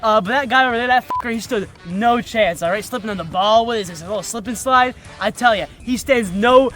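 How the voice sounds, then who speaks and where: A man's voice: sits high, brisk, sharp tone. A man voicing a brash, crude male referee who bullies and insults the players. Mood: smug. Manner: swaggering, threatening, crude insults.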